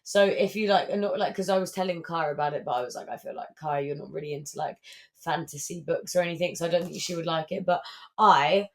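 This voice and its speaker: A woman's voice: deep voice, fast. A young woman, co-hosting a podcast in casual chat, gushing and saying "like" constantly. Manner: gushing, heavy use of filler "like". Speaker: podcast co-host.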